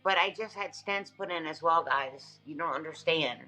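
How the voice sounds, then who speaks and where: A woman's voice: sits low, moderate pace, pushed and bright, faint music behind, poor audio. A woman hosting a livestream, talking back to her chat in an emphatic, repetitive way while exhausted. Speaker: livestream host. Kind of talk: casual livestream talk to chat.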